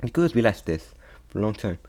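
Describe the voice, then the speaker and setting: A young man casually retelling a fan-made story, halting often and restarting his sentences. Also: lowish voice, sing-song, mellow. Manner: halting, many restarts and repeats.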